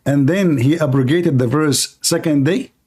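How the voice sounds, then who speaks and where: Insistent man with a high voice debating. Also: moderate pace, a little mellow, breathy edge. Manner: insistent, repeats himself, talks over the caller. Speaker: debate host. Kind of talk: live religious debate.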